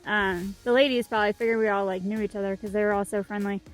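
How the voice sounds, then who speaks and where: A woman's voice: medium pitch, fairly even intonation, fast talker, soft background music. A young woman co-hosting a vlog, telling a story in a casual chat, full of "like" and "um". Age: young adult. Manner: chatty, many fillers like "like" and "um". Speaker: vlog co-host.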